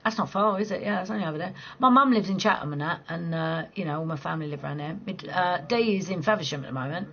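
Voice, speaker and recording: A woman from southeast England with a local accent, chatting casually with viewers on a late-night live stream from home, blunt and quick to laugh. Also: lowish voice, fairly bright tone, highs cut off, a little hiss or hum. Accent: southeast English. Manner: chatty, blunt, swears freely, laughs easily.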